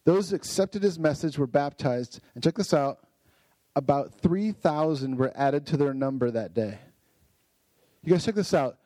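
A man preaching a casual Bible lesson, enthusiastic and chatty, often checking in with his listeners with a quick "right?". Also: fairly high pitch, lively intonation, warm tone, no room sound, rough recording. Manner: enthusiastic, frequent "right?" tag questions.

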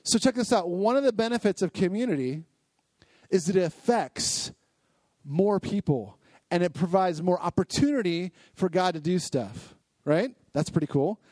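A man teaching a youth Bible lesson, energetic and asking the group lots of questions. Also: high-pitched, moderate pace, dry recording. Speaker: youth pastor.

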